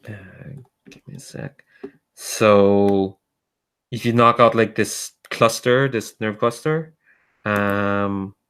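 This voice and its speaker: A man narrating a tabletop game as game master, relaxed and hesitant, with many fillers. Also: fairly low pitch, clean tone.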